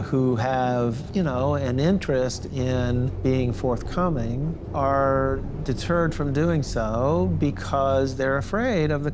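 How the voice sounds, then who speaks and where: Slow, measured man over music. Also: mid-range voice. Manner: measured, careful phrasing. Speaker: interviewee. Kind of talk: documentary interview. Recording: music bed under interview.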